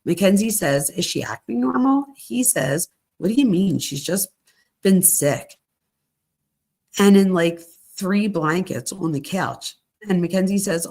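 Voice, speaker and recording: A middle-aged woman with a medium-pitched, creaky voice hosts a true crime show. She reads text messages aloud plainly and conversationally, adding casual asides.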